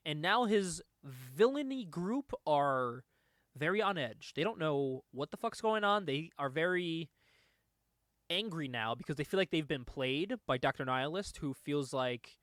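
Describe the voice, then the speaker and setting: A man's voice: high voice, fairly bright tone, no room sound, clean studio sound. A man hosting a comic book podcast, recapping a story in casual chat, laughing often and swearing casually.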